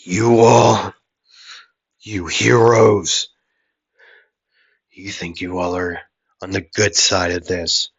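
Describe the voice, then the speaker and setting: A man's voice: sits low, little pitch movement, slow pace, creaky, long pauses, husky, heavily acted. A man voicing a bitter, weary male villain who scorns heroes. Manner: bitter, contemptuous. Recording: dull lo-fi audio.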